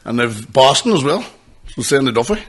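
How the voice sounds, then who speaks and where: A man co-hosting a podcast, swearing freely as he tells animated stories in casual chat. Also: mid-range voice, a little fast. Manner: animated storyteller, swears freely, laughs often. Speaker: podcast co-host.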